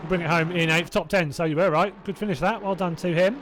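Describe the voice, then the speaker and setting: High-pitched and steady in tone, he speaks at a quick pace over a noisy background. This southern English commentator from Hertfordshire calls a sim race live, chatty and rambling with viewers between calls, adding self-doubting asides and laughing to himself.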